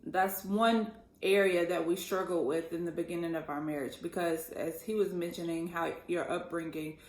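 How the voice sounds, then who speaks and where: A woman's voice: on the low side, fairly even intonation, normal speed. A woman co-hosting a relationship podcast, talking earnestly and laughing easily as she speaks straight to listeners. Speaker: podcast co-host. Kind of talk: casual chat about relationships. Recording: echoey room.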